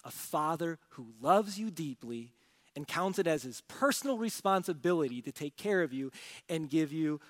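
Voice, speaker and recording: High-voiced pastor in a reverberant hall. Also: male voice. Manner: emphatic, rhetorical questions, swings from loud to soft. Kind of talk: sermon. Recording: long reverb of a large hall.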